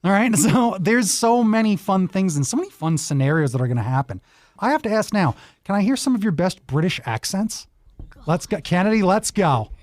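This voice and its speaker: Upbeat, lively male talk show host. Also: sits high, fairly quick, no echo. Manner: encouraging, enthusiastic, gives advice. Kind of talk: upbeat interview with kids.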